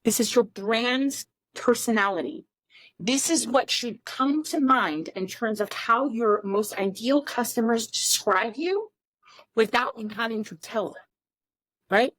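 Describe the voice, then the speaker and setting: A woman with a somewhat high voice co-hosts a podcast, laying out definitions in an emphatic, teacherly manner. She keeps checking in with rhetorical questions. The sound is close and dry. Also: a little slow, fairly bright tone, no echo. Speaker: podcast co-host. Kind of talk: explanatory podcast talk.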